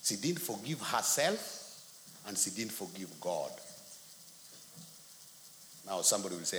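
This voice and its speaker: Brief: male preacher, lively and forceful storytelling, roomy church sound. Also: low-pitched, a little slow, long pauses. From Kenya. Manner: animated storytelling, acts out quotes. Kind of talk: sermon. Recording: echoey hall, faint noise.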